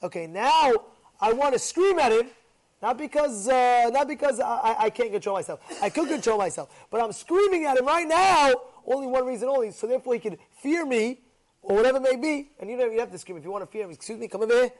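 A man teaches a Torah class in a very high-pitched voice at a fairly quick pace. He speaks animatedly, repeats phrases for emphasis and acts out the people in his examples, mixing in Hebrew and Yiddish words.

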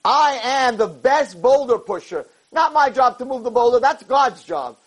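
A man's voice: a little high, lively intonation, normal speed, vocal fry, darkish tone, breathy edge, pitched above the performer's own voice, full character voice. A man voicing a plain, stubborn working man who speaks emphatically in a spoken parable. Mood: proud. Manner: indignant, emphatic.

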